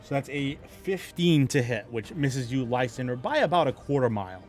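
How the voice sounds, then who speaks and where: A man narrates a tabletop battle as game master, lively and quick to add sound effects. His voice sits at a middle pitch, with faint music in the background.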